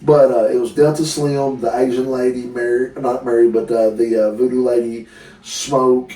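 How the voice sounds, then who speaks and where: A man talks through a film he liked in a loose, easygoing way, often dropping sentences halfway. His mid-pitched voice is heard from a distance in an echoey room. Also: normal speed. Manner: relaxed, trails off mid-sentence. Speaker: co-host. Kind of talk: casual movie review chat.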